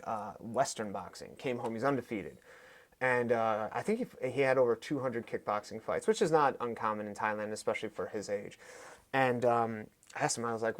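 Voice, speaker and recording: A man in his thirties, a fight coach and podcast guest, telling stories in an animated, emphatic way with quick bursts of speech. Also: medium pitch. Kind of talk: conversational storytelling.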